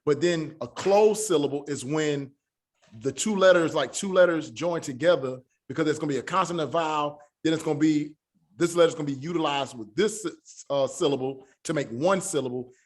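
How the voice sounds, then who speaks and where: Male online teacher: halting delivery, many fillers, slow syllable drills. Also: fairly high pitch. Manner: spells out sounds slowly. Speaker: Hebrew teacher.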